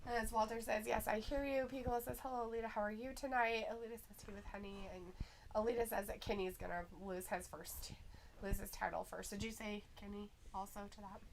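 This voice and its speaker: A woman's voice: medium pitch, brisk, gravelly, a little hiss or hum, low-quality recording. Giggly woman reading stream chat aloud. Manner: giggly, animated, reads chat messages aloud. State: slight headache. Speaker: live stream co-host.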